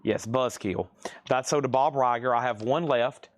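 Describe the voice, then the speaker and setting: A man's voice: medium pitch, normal speed, no echo. A man hosting a live record sale, calling out titles and prices, addressing buyers by name and adding chatty, self-deprecating asides. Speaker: host selling records on a livestream. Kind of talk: live auction sales patter.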